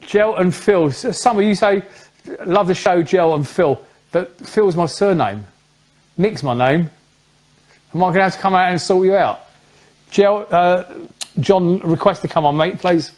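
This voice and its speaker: A man's voice: high voice, a little slow, a little mellow. A man with an English accent hosting a casual live football chat stream, chatty and joking. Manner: chatty, jokey, upbeat. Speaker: host.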